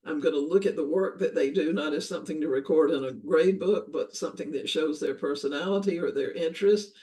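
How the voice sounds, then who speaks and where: A woman's voice: low voice, fairly quick, warm tone, distant mic, poor audio. An older woman speaking as a guest in an interview, earnest and thoughtful, often restating her ideas in long lists. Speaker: guest, education author. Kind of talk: reflective interview conversation.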